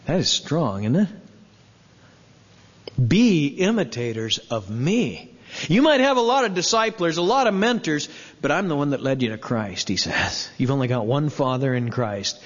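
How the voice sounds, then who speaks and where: A pastor preaching a sermon, emphatic, asking rhetorical questions and slowing down to dwell on scripture quotes. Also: male voice, mid-range voice. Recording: reverberant, dull lo-fi sound.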